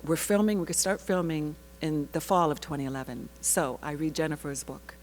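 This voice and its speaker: An actress telling an animated personal story at a panel, laughing often and breaking off into asides. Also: female voice, deep voice, a little fast, a little hiss or hum, rough recording. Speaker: actress sharing her research story.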